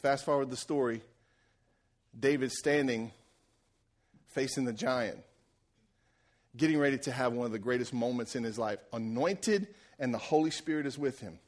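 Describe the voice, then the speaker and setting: A man preaching a sermon, telling a story with animated energy, acting out the characters' lines and laughing often. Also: medium pitch, moderate pace, long pauses. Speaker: pastor.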